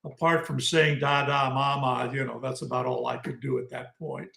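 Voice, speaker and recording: A man's voice: mid-range voice, level tone, moderate pace, gravelly, sharp tone. Friendly male co-host in an echoey room. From Germany. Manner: friendly, explains in rambling restarts. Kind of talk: casual chat.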